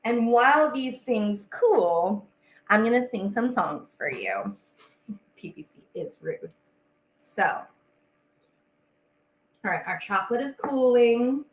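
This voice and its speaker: A woman's voice: on the high side, very animated, slow, pauses often. A young woman hosting a casual livestream while she bakes, chatty and bubbly with frequent fillers. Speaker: host and singer. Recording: echoey room with faint ambience.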